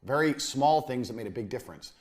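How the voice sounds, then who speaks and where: A man's voice: medium pitch, animated, fast. A man giving a business lecture as a coach, blunt and profane, hammering his points home by repeating them.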